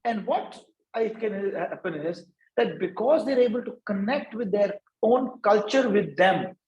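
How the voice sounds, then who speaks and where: Man from India, workshop lecturer, high-pitched voice, echoey room, keeps checking in with "right?". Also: lively intonation, a little slow, darkish tone, muffled recording. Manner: asks "right?" after nearly every point. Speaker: workshop speaker. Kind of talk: lecture to students.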